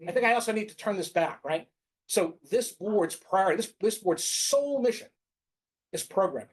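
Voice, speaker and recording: A man's voice: sits high, expressive, moderate pace, husky. A man arguing at a town public meeting, insistent, repeating himself in stammered restarts and apologizing when challenged. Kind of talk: heated public meeting debate.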